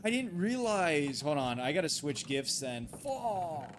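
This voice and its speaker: Rambling streamer man, fairly high voice. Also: very animated, a little slow, noisy background. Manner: rambling, full of fillers and restarts; swears and pleads when flustered. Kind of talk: casual late-night gaming livestream chat.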